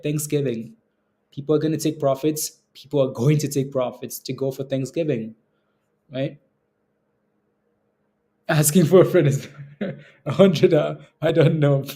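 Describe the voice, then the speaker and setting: A man's voice: a little high, dark tone. Chatty man hosting a trading stream. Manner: chatty, chuckles often, talks to chat viewers. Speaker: stock trading livestream host. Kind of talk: casual live market commentary.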